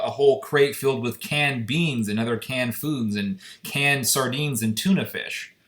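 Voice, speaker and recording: A man's voice: medium pitch, a bit bright. A man with an ordinary mid-range voice delivers an impassioned solo monologue. He sounds indignant and keeps pressing rhetorical questions. His voice rings with the echo of the room around him. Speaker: commentator. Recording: echoey room.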